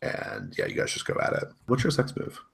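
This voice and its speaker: A man narrating a tabletop role-playing game as game master, casual and full of fillers. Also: a little fast. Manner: casual, filler-heavy, laughs a lot.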